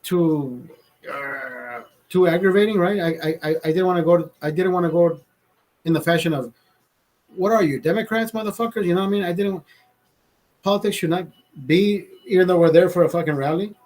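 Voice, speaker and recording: A man's voice: on the high side, moderate pace, a little mellow. A man hosting a livestream, telling a story in a profane, emphatic way, often repeating himself and restarting sentences. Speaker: livestream host. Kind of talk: casual live storytelling rant.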